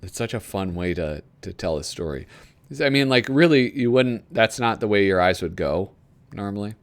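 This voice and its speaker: A man's voice: on the low side, expressive, moderate pace. A man hosting a casual video, reading aloud from a magazine and rambling about it with frequent chuckles. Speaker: video host flipping through a magazine. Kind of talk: casual commentary.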